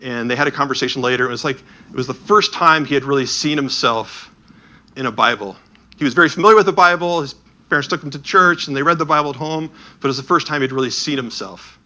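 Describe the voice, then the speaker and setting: A man's voice: mid-range voice, fast, bright, forceful tone. A man presenting images from an illuminated Bible and telling stories about them. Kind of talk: storytelling talk with slides.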